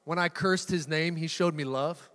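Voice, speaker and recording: A man preaches to a live congregation in a church hall, his voice fairly high and fairly bright at a normal speed. The sermon is chatty and full of jokes, with words often repeated, and the room sounds reverberant.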